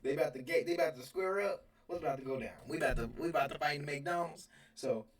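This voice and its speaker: Young guy, rambling animated storyteller, sits back from the mic in an echoey room; casual storytime vlog. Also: fairly high pitch, fast. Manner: rambling, animated, laughs mid-sentence. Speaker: storyteller vlogger. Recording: roomy sound from a distance.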